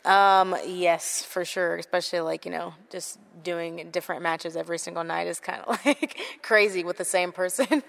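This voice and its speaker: Giggly young woman, lowish voice. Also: normal speed, creaky. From United States. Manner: giggly, relaxed, many "like" fillers. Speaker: wrestler guest. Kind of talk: casual interview.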